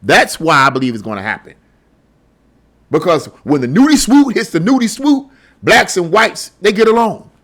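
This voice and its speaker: A middle-aged man with a somewhat high voice delivers a solo opinion commentary. He talks bluntly and heatedly, stumbling over repeated words when he gets worked up. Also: very animated, normal speed, a bit bright. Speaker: political commentary host.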